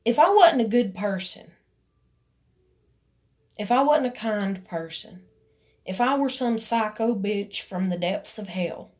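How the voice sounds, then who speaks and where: A woman's voice: medium pitch, a little slow. A woman in her room at home, telling a heated personal story, swearing casually and acting out what was said. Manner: animated, riled up, swears casually, lots of "I was like" quoting. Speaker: vlogger.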